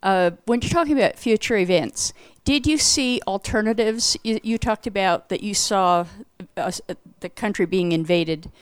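A woman's voice: medium pitch, moderate pace, hardly any pauses, smooth, dry recording. A woman in the audience asking a searching question, hesitant and restarting often.

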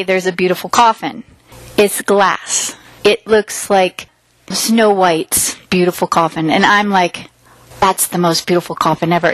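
A woman's voice: mid-range voice, a bit bright, no echo, low-quality recording. A woman earnestly retelling a personal experience in vivid detail, acting out what was said. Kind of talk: personal storytelling.

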